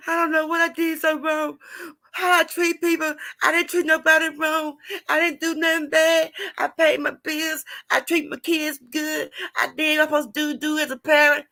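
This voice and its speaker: A woman's voice: high-pitched, little pitch movement, moderate pace, sharp tone, pitched above the performer's own voice. A woman putting on the voice of a crying parent who insists they did nothing wrong. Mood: crying, whining. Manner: wailing, self-pitying.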